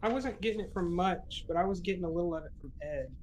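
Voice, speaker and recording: A man's voice: sits high, quick pace, slight background noise, rough recording. A man playing in a tabletop game, casually explaining what his character does. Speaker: player.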